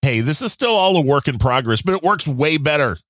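A man co-hosting a casual tech podcast, talking in an animated, jokey way with big upward swings when he exclaims. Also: fairly high pitch, a little fast, no room sound, clean studio sound. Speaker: podcast co-host.

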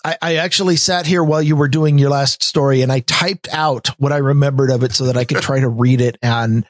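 A man's voice: mid-range voice, fairly even intonation, brisk, no echo, clean studio sound. An American man co-hosting a casual podcast, often stumbling and restarting his sentences. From United States. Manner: hesitant, stammering restarts. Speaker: podcast co-host.

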